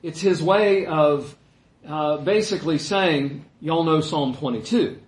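Man, pastor, sermon, earnest, emphatic, somewhat high pitch, echoey room. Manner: earnest, emphatic teaching with frequent "uh" pauses.

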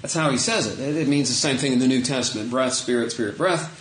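A man preaching a sermon in a conversational way, reading scripture aloud and stopping to explain it with small self-corrections and soft chuckles. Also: medium pitch, fast, roomy sound, rough recording.

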